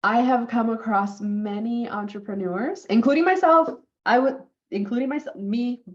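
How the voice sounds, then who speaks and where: A woman in her forties telling a personal story on her vlog. She is animated and acts out what other people said, using it to coach business owners. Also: fairly high pitch, normal speed, lo-fi sound. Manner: animated, acts out quoted lines.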